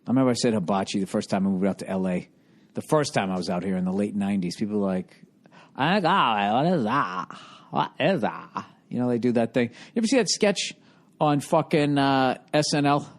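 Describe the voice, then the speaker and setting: A man's voice: on the low side, lively intonation, fast. A middle-aged man hosting a podcast, telling a rambling, swear-filled comic story with sarcastic exasperation. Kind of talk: casual comedic monologue.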